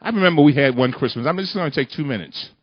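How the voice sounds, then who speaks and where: A man with a slightly high voice and lively intonation delivers an impassioned speech to a union audience at a quick pace. His cadence is emphatic and oratorical, repeating lines for effect, captured on a muffled lo-fi recording.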